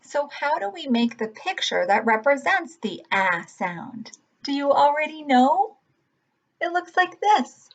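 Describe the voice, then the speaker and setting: Slow, patient kindergarten teacher woman. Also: sits high, big pitch swings. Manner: gentle, patient, drawn-out word modeling. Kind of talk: slow, clear phonics lesson for young children. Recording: dull lo-fi audio.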